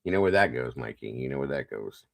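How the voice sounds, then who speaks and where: A man's voice: very deep voice, big pitch swings, fast talker, creaky, no room sound. A man hosting a casual livestream, greeting viewers one by one by name with playful sing-song asides. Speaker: livestream host.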